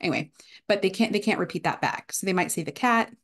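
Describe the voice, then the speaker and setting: A woman's voice: mid-range voice, fast talker. A young woman giving a casual university guest lecture, with many fillers, now and then acting out examples of speech errors.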